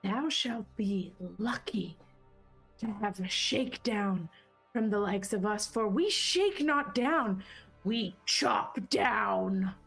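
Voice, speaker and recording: A woman's voice: mid-range voice, takes it slowly, gravelly, fairly bright tone, husky, soft background music. A woman playing a tabletop game, speaking in character in theatrical mock-archaic speech. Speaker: player.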